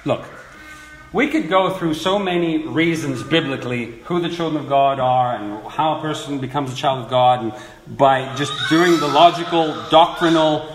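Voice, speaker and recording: A man's voice: on the high side, normal speed. A man preaching a sermon, explaining scripture earnestly and building to emphatic points. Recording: echoey room with faint noise.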